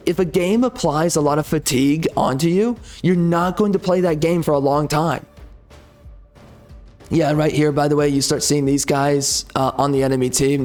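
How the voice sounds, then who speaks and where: A man's voice: on the high side, darkish tone. A man ranting in a heated, repetitive way with casual slang while giving gameplay commentary.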